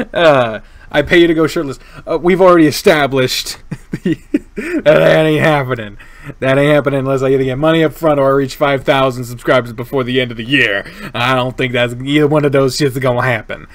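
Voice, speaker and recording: A man's voice: medium pitch, a bit bright. A man streaming a game, chatting casually and reading its lines aloud, joking, laughing often and swearing now and then. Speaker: let's play streamer. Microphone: desk microphone, wearing one earbud.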